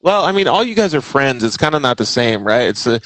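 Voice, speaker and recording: A man's voice: mid-range voice, very animated, brisk, fairly bright tone, dry recording, poor audio. A man hosting a casual chat show, talking in a laid-back, slangy, rambling way. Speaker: host.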